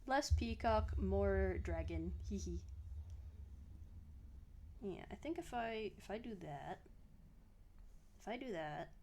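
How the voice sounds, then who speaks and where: A woman's voice: medium pitch, animated, unhurried, creaky, darkish tone, slight background noise. Chatty woman drawing on a live stream. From Australia. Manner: chatty, giggly, mutters to herself while working. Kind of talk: casual live-stream chat while drawing.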